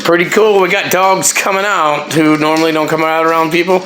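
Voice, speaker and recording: A man's voice: a little high, fairly even intonation, brisk, echoey room, noisy background. A man hosting a casual vlog in a house, laid-back and joking as he talks to dogs. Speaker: vlog host. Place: house, dog sitting.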